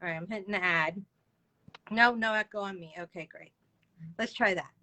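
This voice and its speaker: A woman's voice: medium pitch, normal speed, pushed and bright. A woman hosting a live video interview, chatting casually and greeting viewers by name. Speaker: livestream interview host. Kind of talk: casual live-stream chat. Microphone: video call.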